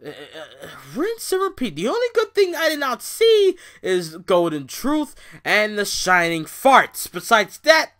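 A young man rants through a review, swearing freely and sounding fed up. He talks slowly, dropping into low grumbles and then flaring up loud. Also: huge pitch swings. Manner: profane, exasperated, swings from loud outbursts to low muttering. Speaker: wrestling show reviewer. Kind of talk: ranting show review.

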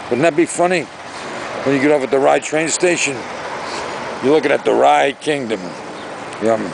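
A man's voice: medium pitch, moderate pace, gravelly, background noise. A man talking casually to his camera outdoors by a lake, rambling and ranting in a chatty vlog. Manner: rambling, chatty, exaggerated rants. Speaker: vlogger.

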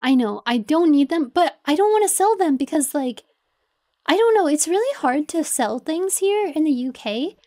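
A young woman from the United States, a streamer chatting casually and excitedly in her bedroom, often restarting and laughing. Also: high voice, moderate pace. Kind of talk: casual chat.

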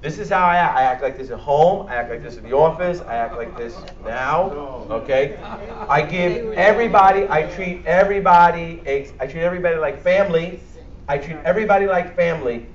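A man with a Bronx, New York accent runs a church health workshop, speaking bluntly and joking with a live audience in the hall. His voice is fairly high and fairly quick. The recording carries the hall's echo and sounds distant and dull.

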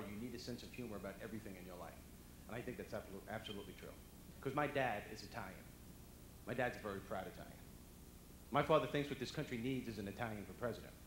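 A man with a Brooklyn accent doing live stand-up comedy, brash and chatty, talking straight to the audience. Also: lowish voice. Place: banquet hall at a dinner event. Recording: echoey banquet hall with faint room noise.

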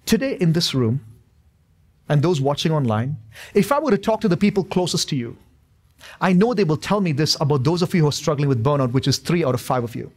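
A male pastor in his thirties preaches a sermon in a church sanctuary, his voice fairly high, sing-song and darkish in tone. He moves fairly quickly, emphatic and repetitive, adding touches of humor.

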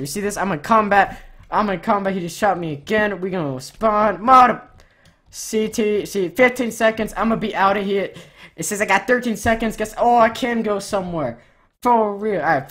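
A woman gamer giving profane, excitable gameplay commentary, ranting in loud outbursts while she plays. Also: mid-range voice.

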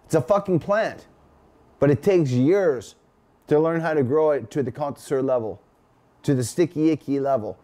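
A man's voice: on the high side, normal speed, dark tone. A man in his forties with a Canadian accent, hosting a casual, profane, rambling livestream chat. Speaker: host.

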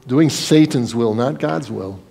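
A man's voice: mid-range voice, a little slow, vocal fry, dark tone. A man preaching a sermon as pastor, in a conversational style, acting out quoted voices and sometimes repeating words.

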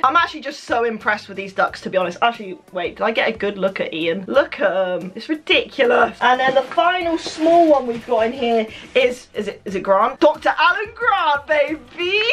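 A young woman filming an unboxing vlog, excitable and gushing, breaking into squeals and laughter. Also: on the high side. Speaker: YouTuber.

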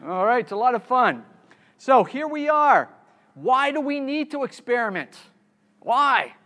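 A man's voice: extremely high pitch, sing-song, measured pace, sharp tone. A man giving a live keynote talk on a conference stage, quizzing the audience and repeating key words, with frequent restarts.

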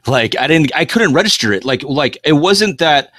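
A man on a podcast telling a personal story in casual chat, animated and swearing freely. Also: fairly high pitch, moderate pace, no echo.

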